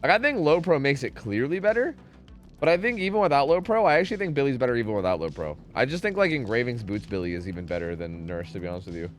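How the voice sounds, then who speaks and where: A man streaming live, chatting casually, animated and profane as he rants. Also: medium pitch, fast, faint music behind. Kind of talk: casual chat.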